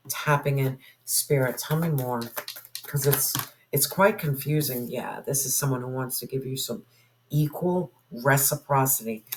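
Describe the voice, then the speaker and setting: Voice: mid-range voice, a little hiss or hum, low-quality recording. A tarot reader giving a spoken reading to viewers, musing aloud and asking spirit questions in an intuitive way.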